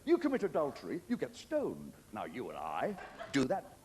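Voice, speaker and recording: A man's voice: mid-range voice, huge pitch swings, normal speed, a little mellow, in a large hall. An older English man doing a stand-up comedy routine, chatty and cheeky, chuckling between jokes. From England. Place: theatre stage with a live audience. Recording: noisy 1990s VHS stage recording.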